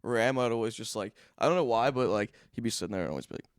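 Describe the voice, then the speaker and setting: A man's voice: medium pitch, quick pace, no room sound, clean studio sound. Young man laughing through a casual story. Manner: laughs through his stories, profane and animated. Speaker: podcast co-host. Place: podcast studio. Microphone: studio microphone.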